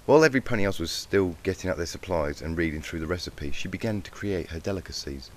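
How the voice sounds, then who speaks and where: A man narrating a fan-written storybook in a steady, even reading voice. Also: deep voice, fast talker. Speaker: fanfic reader.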